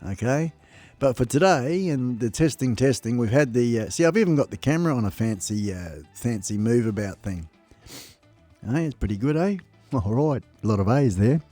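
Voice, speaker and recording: An Australian man chats casually with his live-stream viewers from home, joking and laughing often into a close desk microphone. His mid-range voice is expressive and warm at normal speed, with no echo and faint music behind him.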